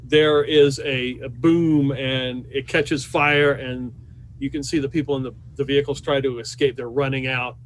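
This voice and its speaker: Brief: mid-pitched man narrating as game master, faint noise behind. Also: moderate pace. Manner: relaxed, describing action scenes.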